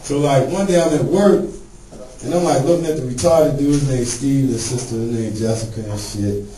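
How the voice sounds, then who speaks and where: A man doing a stand-up set, telling profane stories and acting out the people in them with high voices. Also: brisk, mellow, a little hiss or hum. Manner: profane storytelling, acts out characters in high voices. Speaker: stand-up comedian. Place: comedy club stage. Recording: roomy club sound from a distance.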